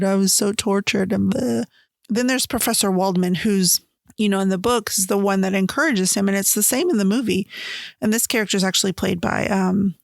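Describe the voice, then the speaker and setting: Chatty woman with a gravelly edge. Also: mid-range voice, dry recording, studio quality. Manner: chatty, animated retelling with quoted asides. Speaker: podcast host. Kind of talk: casual solo book-versus-movie chat.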